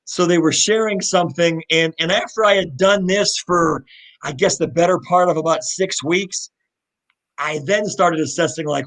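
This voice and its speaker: On a rough recording, a middle-aged man from Louisville, Kentucky recounts his story as a guest in a live interview, his voice a little high and his pace moderate. He comes across as sincere and heartfelt, animated, and he keeps restarting.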